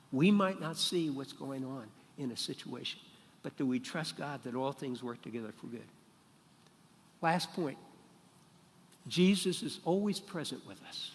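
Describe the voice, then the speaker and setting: A man preaching a sermon as pastor, teaching in a lively way and putting questions to the congregation. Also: a little high, big-room sound. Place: church sanctuary.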